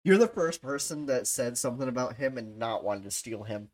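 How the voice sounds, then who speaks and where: A speaker chatting casually on a livestream podcast, halting and filler-heavy, laughing often. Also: medium pitch, a little mellow. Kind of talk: casual chat.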